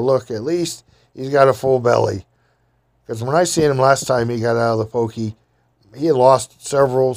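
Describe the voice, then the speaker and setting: A man with a medium-pitched, darkish voice tells rambling, folksy stories from his past. His grammar is casual and loose as he wanders through personal memories.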